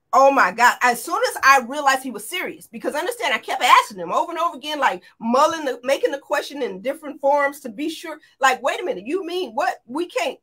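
High, bright-voiced woman retelling a scare. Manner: animated, excited retelling with restarts. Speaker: interview guest. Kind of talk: emotional storytelling.

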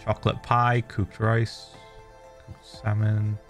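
A man's voice: lowish voice, monotone, takes it slowly, faint music behind. A man chatting casually while playing a game, laid-back and humming to himself. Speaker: streamer. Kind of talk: casual chat while gaming.

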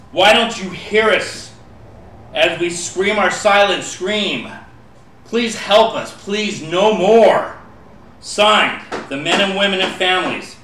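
A man performing spoken-word poetry, building from quiet storytelling to impassioned pleading. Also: sits high. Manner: impassioned, rising to pleading shouts. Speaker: poet. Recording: echoey room from far off.

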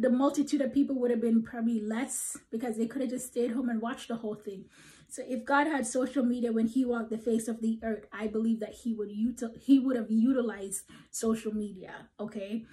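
A woman preaches a prophetic message of encouragement, emphatically tagging "okay?" after her points and sometimes dropping to a whisper. Her voice is fairly high with a dark tone, and the audio is poor.

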